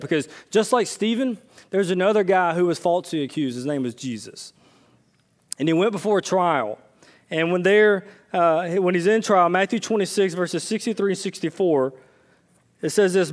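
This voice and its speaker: Guy preaching a sermon, voice a bit high, goes loud and excited then drops way down quiet, chatty with little stories. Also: moderate pace. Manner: swings between loud, excited bursts and hushed, low asides; conversational, with personal stories and asides. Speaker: pastor.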